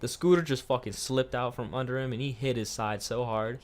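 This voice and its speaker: A man's voice: mid-range voice, fairly even intonation, brisk. Man rambling through a profane story. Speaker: vlogger. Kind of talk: storytime vlog.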